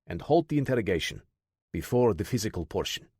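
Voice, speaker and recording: A man's voice: fairly low pitch, sing-song, brisk, a little mellow, breathy edge, dry recording, clean studio sound, pitched below the performer's own voice, full character voice. A man doing a coldly polite interrogator.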